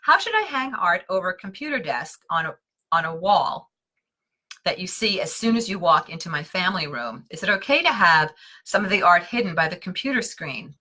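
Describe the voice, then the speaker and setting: A woman's voice: fairly low pitch, very animated, fairly quick, sharp tone. A woman hosting a live stream on interior design, teaching in a chatty, self-deprecating way with lots of fillers and asides.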